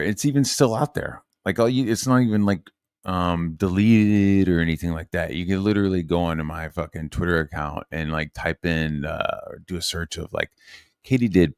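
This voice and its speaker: A man's voice: low-pitched, no room sound, studio quality. A man from Virginia, a channel host, telling a long profane, agitated story with many fillers and restarts. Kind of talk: casual ranting monologue.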